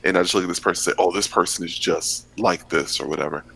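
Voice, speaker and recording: A man hosting a podcast, talking casually and relaxed, with many fillers. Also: sits low, creaky, poor audio. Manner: relaxed, filler-heavy, quick backchannels. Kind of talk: casual conversation.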